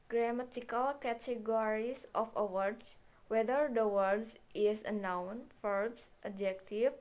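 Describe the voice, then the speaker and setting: This medium-pitched, slightly mellow young woman is a student presenter reading a phonetics class presentation; Indonesian is her first language. She reads slowly and carefully, repeating words and correcting herself, over poor audio.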